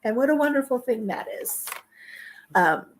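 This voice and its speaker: A woman's voice: on the high side, expressive, normal speed, slight background noise. A middle-aged woman hosting a casual home kitchen vlog, talking through tears as she shares memories. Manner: tearful, speaks through crying. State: crying. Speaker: vlog host. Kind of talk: casual chat while baking.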